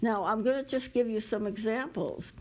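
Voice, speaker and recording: A woman's voice: on the high side, moderate pace, poor audio. A woman hosting a community TV talk show, explaining ideas with everyday examples and stopping now and then to cough. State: coughing at times. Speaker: show host.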